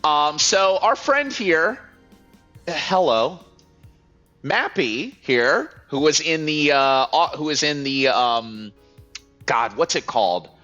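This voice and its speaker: A chatty host rambles through his gameplay commentary, poking fun at himself, with a lively, bright voice. The recording sounds a bit dull, with faint music running behind it. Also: on the high side, slow pace. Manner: chatty, rambling, self-deprecating. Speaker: let's play host. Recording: slightly muffled, music faint.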